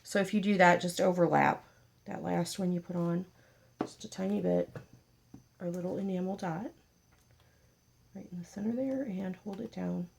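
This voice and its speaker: A woman's voice: fairly low pitch, moderate pace, vocal fry, pauses often, a little mellow, a little hiss or hum. A woman hosting a casual paper craft tutorial, chatty and joking with her viewers as she works. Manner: chatty, jokey, talks to viewers while working.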